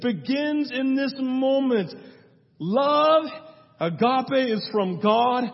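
A man's voice: very high voice, expressive, very slow, gravelly. A male pastor preaching a sermon, telling a story with emphatic, repeated phrases, in a dull, reverberant church hall recording.

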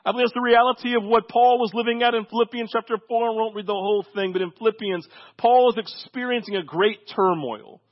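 A man's voice: sits high, steady tone, quick pace. Conversational male pastor preaching, lo-fi. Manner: conversational preaching, frequent "right?" asides. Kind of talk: sermon.

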